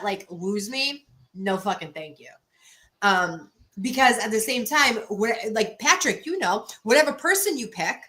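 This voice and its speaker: A woman's voice: medium pitch, sharp tone, low-quality recording. A woman in her thirties hosting a livestream, chatting casually and reading viewer comments, blunt and profane, with frequent restarts. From Boston area. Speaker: livestream host.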